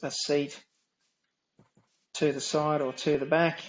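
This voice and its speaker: An Australian man with a nasal, droning voice, giving dry, wry, unhurried commentary while streaming a game. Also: on the high side, little pitch movement, lo-fi sound, a little hiss or hum. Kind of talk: casual gameplay commentary.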